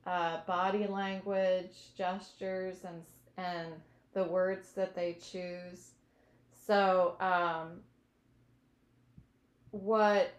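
A woman speaks slowly and earnestly, giving a reflective personal testimony as an interview guest. She pauses to search for words. Her voice carries in a roomy, echoing space. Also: on the low side. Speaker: guest sharing her recovery story. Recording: echoey room.

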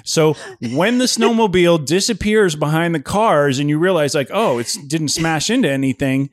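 A man's voice: on the high side, normal speed. A man co-hosting a podcast, telling a story in casual chat and acting out what others said. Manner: animated storyteller, acts out others' lines. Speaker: podcast co-host.

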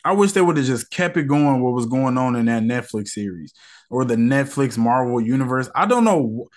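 A man's voice: mid-range voice, animated, moderate pace. Male podcast host, casual slangy rant, irritated and rambling.

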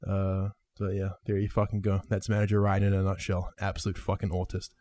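A man's voice: deep voice, monotone, fairly quick, crowd noise. A young man hosting a casual podcast with friends, telling a story with lots of swearing and laughter. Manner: swears a lot, laughs while telling stories. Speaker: podcast host.

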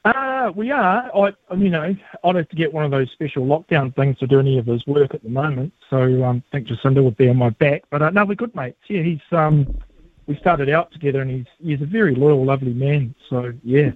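A man with a New Zealand accent, a comedian and actor, chatting as a radio guest in a relaxed, self-mocking way. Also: a little high, brisk, no echo. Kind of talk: casual phone interview. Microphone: phone line. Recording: tinny phone line.

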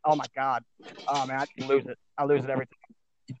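A man's voice: mid-range voice, little pitch movement, a little fast, no echo, muffled recording. An American man from Michigan hosting a podcast, talking in a loose, profane, rambling way. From Michigan, USA. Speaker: podcast host. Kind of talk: casual podcast chat.

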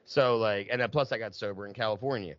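Philly guy hosting a chat, rambly and animated, dry dull mic sound. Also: fairly low pitch, quick pace, no echo. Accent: Philadelphia. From Philadelphia area, South Jersey. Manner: chatty, animated storyteller, acts out quoted voices. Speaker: podcast host. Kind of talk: casual interview chat.

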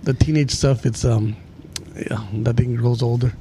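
A man's voice: mid-range voice, fairly even intonation, moderate pace, mellow, a little hiss or hum. A man chatting on a casual podcast, easygoing and swearing. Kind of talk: casual chat.

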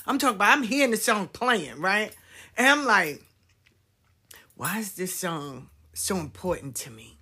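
This podcast host speaks in a lowish voice with a bright, forceful tone and a breathy edge. She rambles through casual stories on her talk show, cursing and chatting in a drawling, Southern-style manner toward her listeners.

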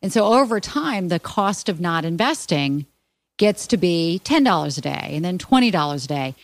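A woman's voice: fairly low pitch, normal speed, no room sound. Emphatic woman finance guest. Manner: emphatic, animated explainer. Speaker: podcast guest, finance expert. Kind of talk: casual podcast interview.

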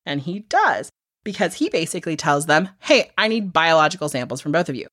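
A woman co-hosting a casual true crime podcast, telling the case in an animated way, swearing freely and acting out what people said. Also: low voice, brisk, no echo, studio quality. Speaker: podcast co-host.

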